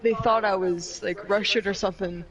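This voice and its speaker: A young woman chats over a shared game session, with an ordinary middle pitch. Her remarks come out dry and teasing, in easy back-and-forth banter. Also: fairly even intonation, moderate pace, a crowd in the background, low-quality recording. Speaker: co-player. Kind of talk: casual chat while playing a game.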